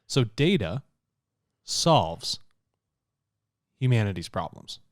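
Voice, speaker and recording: Slow and lowish, the man's voice swings widely in pitch as he co-hosts a podcast. The chat is casual and full of fillers, he laughs easily, and there's no room sound.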